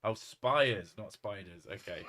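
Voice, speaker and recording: A man's voice: on the low side, measured pace, pushed and bright. A man reading chat aloud on a casual livestream, laughing often and swearing freely. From United Kingdom.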